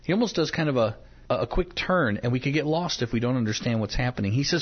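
An earnest man walks through a Bible passage on a Christian talk show, pausing on fillers and slowing down when he reads verses aloud. His voice is a little husky, and the lo-fi recording sounds dull. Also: medium pitch, animated. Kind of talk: devotional Bible teaching in conversation.

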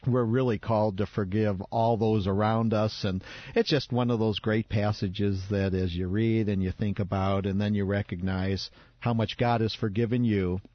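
A man's voice: on the low side, steady tone, dry recording. Host, male, earnest devotional reader and talker, dry lo-fi sound. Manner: earnest, reflective, slows for emphasis. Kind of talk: scripture reading and devotional talk.

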